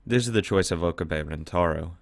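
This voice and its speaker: Low-voiced man reading a visual novel. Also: fairly quick, vocal fry, no echo. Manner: reads narration plainly, breaks off to swear and react. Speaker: let's-read narrator of a visual novel. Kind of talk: reading game text aloud with reactions.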